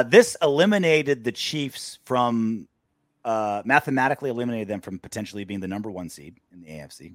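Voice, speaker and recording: A man co-hosting a casual sports podcast, ranting in an animated, crude way. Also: lowish voice, no room sound, clean studio sound. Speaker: podcast co-host.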